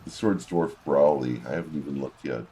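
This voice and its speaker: A man's voice: very deep voice, fairly quick, warm tone, slight background noise. A man giving casual gameplay commentary, reading in-game combat logs aloud with wry asides.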